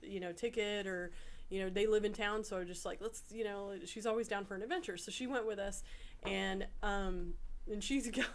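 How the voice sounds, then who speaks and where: A woman's voice: mid-range voice, steady tone, normal speed. A woman co-hosting a casual chat, telling a story with frequent laughs and restarts. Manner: chatty storyteller, laughs often, many restarts. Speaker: co-host.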